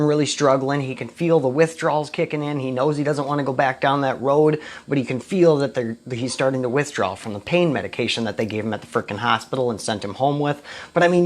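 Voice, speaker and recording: A man speaking live to his online followers about recovery and letting go of resentment. He talks at a mid pitch, earnest and animated, and often stops to restart a sentence before pushing on. It sounds like a plain personal stream from home. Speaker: recovery talk host. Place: home, recording a live video.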